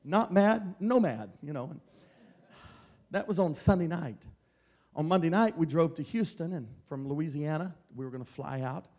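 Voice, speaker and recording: High-voiced shouting evangelist man. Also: moderate pace. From Mississippi. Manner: storytelling, building to loud shouted preaching. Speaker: traveling evangelist preacher. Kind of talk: Pentecostal sermon.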